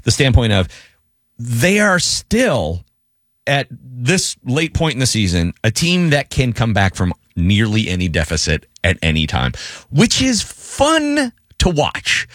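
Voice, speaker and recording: Animated male sports talk host. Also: mid-range voice, dry recording, studio quality. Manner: animated, wry, quick with jokes.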